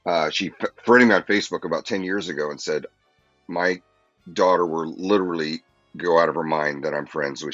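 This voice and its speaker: Deep-voiced man, dull dry recording. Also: fairly bright tone, no room sound. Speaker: voice actor. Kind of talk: casual storytelling.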